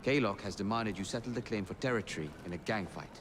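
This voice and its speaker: An actor playing a male ally in a video game who gives brisk instructions about a gang fight. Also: on the low side, a little hiss or hum, natural voice. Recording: game audio with music underneath.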